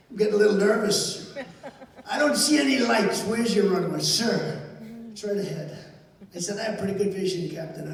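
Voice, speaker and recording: A man's voice: fairly high pitch, darkish tone, recorded from a distance. An older man giving a rambling rally speech, telling an anecdote with acted-out dialogue. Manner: digressive storytelling, acts out quoted dialogue. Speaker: political speaker at a rally. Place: large indoor event hall. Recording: echoey hall, voice from afar.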